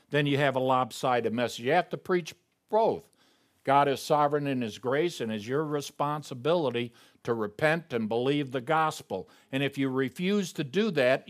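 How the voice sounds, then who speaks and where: A man's voice: mid-range voice, a bit bright. A man preaching a sermon as pastor, emphatic and reading scripture aloud.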